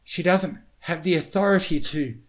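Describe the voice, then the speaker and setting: Man voicing a small young male dragon, out of breath, high yelping voice. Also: normal speed, natural voice. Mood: breathless.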